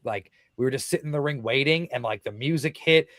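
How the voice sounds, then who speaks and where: Speaking fast at a medium pitch, a thirtysomething podcast guest launches into a casual wrestling tale full of curse words and performed quotes. The recording is dry.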